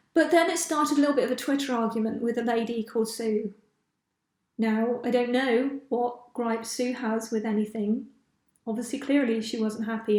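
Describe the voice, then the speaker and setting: Young woman rambling on her podcast, high voice, lots of laughs, echoey room. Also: darkish tone. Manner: chatty, laughs often, loses track of names. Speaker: podcast host. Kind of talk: casual chat.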